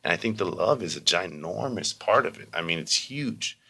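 A man who teaches meditation, telling community stories in a casual, animated way, acting out quoted people in a high voice. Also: moderate pace, gravelly, breathy edge. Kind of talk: casual storytelling interview.

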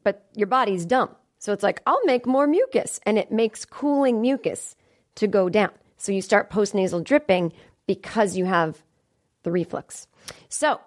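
A woman in her thirties hosting a comedy podcast from a studio, chatting casually and acting out the voices of people in her stories. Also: mid-range voice. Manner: chatty, animated storyteller acting out quoted voices. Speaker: podcast host.

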